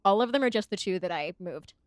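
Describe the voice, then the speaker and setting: A woman playing in a tabletop game, lively and often laughing, hesitating over her plans. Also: medium pitch, fast, dry recording, studio quality. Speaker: player. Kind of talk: casual tabletop play.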